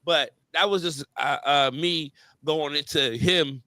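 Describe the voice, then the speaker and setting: Bright-voiced animated storytelling man. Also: on the high side, slow pace, dry recording. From New York area. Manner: animated storyteller, heavy slang and fillers. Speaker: podcast host. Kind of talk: casual chat.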